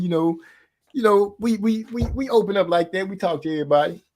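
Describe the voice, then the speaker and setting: A man telling a story in casual podcast chat, slangy and animated, often laughing between lines. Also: high voice, fairly quick.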